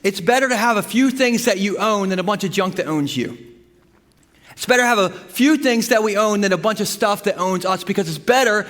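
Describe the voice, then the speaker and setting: Man, pastor, lively humorous sermon, high voice, long church reverb. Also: brisk. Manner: animated, humorous, with bursts of emphasis. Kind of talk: sermon with storytelling. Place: church sanctuary.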